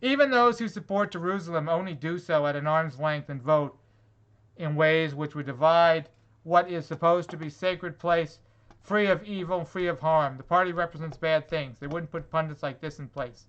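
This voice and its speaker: A man's voice: fairly high pitch, moderate pace, a bit bright, muffled recording. A man reading online comments aloud in a vlog and reacting to them with sarcastic, swearing exasperation. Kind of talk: angry rant reacting to comments.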